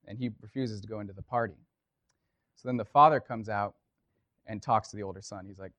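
A man's voice: lowish voice, a little fast, long pauses, fairly bright tone, no echo. A man preaching a casual sermon, talking conversationally with lots of fillers and telling a story.

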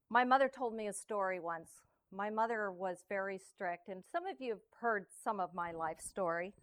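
A woman preaching a sermon, reading scripture verse by verse and then telling a personal story, swinging between loud proclamation and hushed near-whispers. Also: mid-range voice, clear, resonant tone. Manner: slow, deliberate reading of verse. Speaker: lay preacher.

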